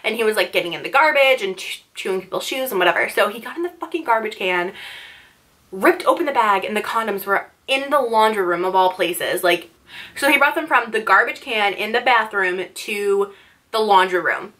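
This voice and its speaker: A young woman with a bright, forceful voice tells a candid story straight to her viewers. She talks in a chatty run, dropping "like" into nearly every sentence. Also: mid-range voice, lively intonation, normal speed. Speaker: vlogger. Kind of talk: casual storytime.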